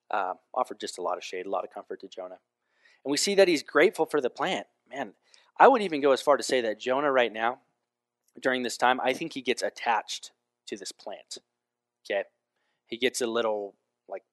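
A man preaching a sermon as pastor, in a casual, animated way with frequent asides. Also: medium pitch, no echo. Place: church.

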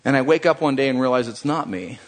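A man preaching a sermon as pastor, animated and conversational, joking with his congregation. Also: mid-range voice, quick pace.

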